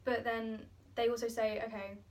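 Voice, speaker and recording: A woman's voice: on the high side, brisk, fairly bright tone. A young woman in a casual drama class discussion, chatty and articulate, full of "like". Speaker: drama student. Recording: voice from a distance.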